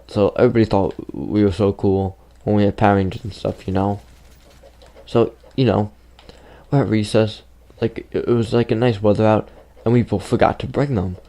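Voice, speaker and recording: A man's voice: lowish voice, steady tone, normal speed, mellow. A man casually telling a childhood story to his viewers in a loose, rambling way, leaning on "like" and "you know.".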